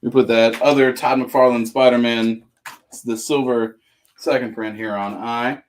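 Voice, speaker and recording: A man with a Southern American accent hosts a live sale in a loose, joking way. He chats casually as he reads out items, and his voice sits at a middle pitch. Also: a little hiss or hum. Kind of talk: casual live sales chat.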